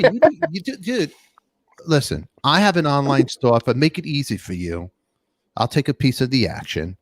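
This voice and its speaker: A man hosting a live online talk show, joking loudly and giving quick shout-outs to viewers in the chat. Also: fairly high pitch, no echo. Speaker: podcast host. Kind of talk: lively live-stream chat.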